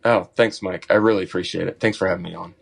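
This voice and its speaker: Middle-aged male podcast guest, low-pitched, easygoing, animated storyteller. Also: quick pace, vocal fry, slightly rough. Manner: animated storyteller, acts out his own quotes. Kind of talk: casual storytelling.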